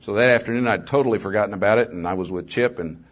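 A man's voice: lowish voice, fast. Older man telling folksy stories. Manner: folksy, conversational, with joking asides. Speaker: guest speaker, former mayor. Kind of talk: storytelling testimony talk to an audience. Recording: slightly dull lo-fi recording.

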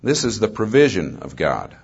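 A man's voice: fairly low pitch, big pitch swings, normal speed, vocal fry, husky. An older man and former mayor giving a testimony talk to an audience, telling stories in a folksy, conversational way with joking asides. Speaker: guest speaker, former mayor. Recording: slightly dull lo-fi recording.

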